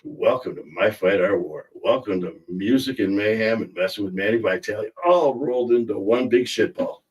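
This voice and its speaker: A man's voice: lowish voice, animated, normal speed, darkish tone, recorded from a distance, poor audio. A man hosting a casual livestream, joking and rambling as he reads out viewer comments. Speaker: livestream host. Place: in a car.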